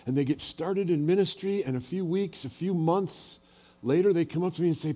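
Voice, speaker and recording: A man's voice: a little high, brisk, dark tone. An older man preaching a sermon as a pastor, telling personal stories in a conversational way and asking the audience questions.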